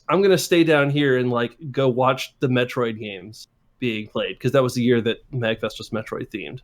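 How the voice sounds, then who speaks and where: A man's voice: mid-range voice, normal speed. A man in his twenties, a guest on a show, telling a self-deprecating story in casual chat and acting out the quotes. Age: 20s.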